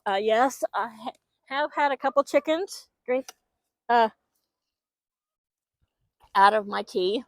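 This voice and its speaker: A woman's voice: a little high, slow pace, pauses often, dry recording. Chatty woman rambling in her chicken yard. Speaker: backyard chicken keeper. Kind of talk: casual vlog chat. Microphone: microphone.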